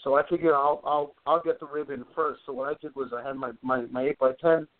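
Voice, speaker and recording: A middle-aged man casually telling stories on a call, animated and repeating words as he goes. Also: medium pitch, fairly quick. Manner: animated anecdote teller, repeats words as he talks. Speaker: guest wrestler. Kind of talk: casual storytelling on a phone call. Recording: tinny phone line.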